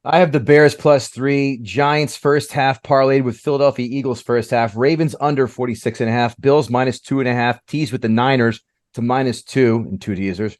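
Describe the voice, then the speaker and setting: A man's voice: mid-range voice, steady tone, a little mellow, no room sound. A man with an ordinary mid-range voice reads through his betting list and cracks jokes, sometimes tripping over names. The sound is close and dry, with no room around it. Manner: brisk list-reading, joking, tongue-tied. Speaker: podcast co-host. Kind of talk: casual sports betting chat.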